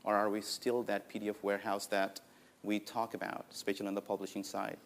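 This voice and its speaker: A man in his forties from Nepal, with a Nepali accent, giving a conference keynote in an anecdotal, lively way with many "uh, you know" fillers. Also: lowish voice, a little fast. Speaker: conference speaker.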